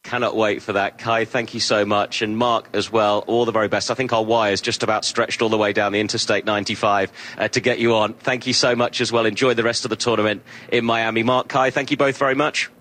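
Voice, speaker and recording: A man presenting a radio sports programme, thanking guests and introducing a report in a measured, polished way. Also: lowish voice, flat delivery, a bit bright. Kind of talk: scripted news presenting.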